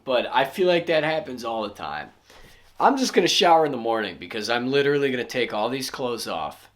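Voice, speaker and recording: A man in his thirties talking casually to camera in a vlog, rambling and self-mocking with sudden loud outbursts. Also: medium pitch. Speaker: vlogger.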